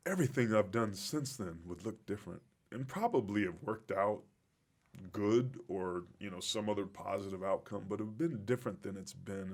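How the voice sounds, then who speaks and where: A man in his forties with a fairly low voice tells his life story as a podcast guest. He speaks in a reflective, heartfelt way and lets his emotion show. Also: gravelly. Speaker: podcast guest, former pro football player. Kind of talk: interview storytelling.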